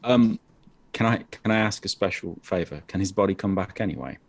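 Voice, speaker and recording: A man's voice: sits low, fairly quick, gravelly. A man playing in a tabletop game, casually counting his dice and asking the game master for favors. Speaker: player. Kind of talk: tabletop game play over a stream.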